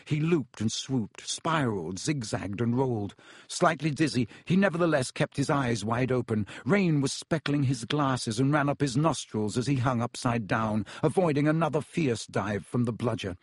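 Husky-voiced male audiobook narrator. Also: mid-range voice, no room sound, clean studio sound. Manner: steady storytelling, doing character voices. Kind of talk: scripted narration.

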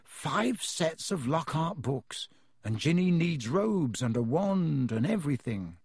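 A man's voice: fairly high pitch, big pitch swings, slow pace, darkish tone, slightly rough, no echo, heavily acted. Man doing a glum teen wizard boy, offhand, dry close sound.

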